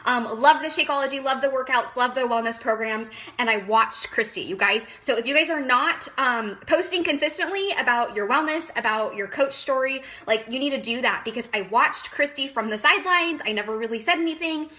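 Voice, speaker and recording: Bright-voiced nervous woman coach. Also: high-pitched, fairly quick, few pauses. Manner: nervous, emotional, chatty with many fillers. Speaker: wellness business coach. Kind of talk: casual live-stream talk.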